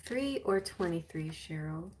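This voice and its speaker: A woman giving a gentle, soothing live-stream tarot reading. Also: fairly low pitch, expressive, unhurried, slight background noise. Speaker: tarot reader.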